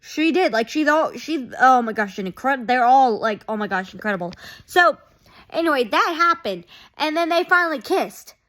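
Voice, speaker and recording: A woman's voice: high voice, animated, moderate pace, a bit bright. A woman recapping a TV episode in a casual vlog, rambling and gushing, full of "like" and quoted reactions. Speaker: TV show reviewer.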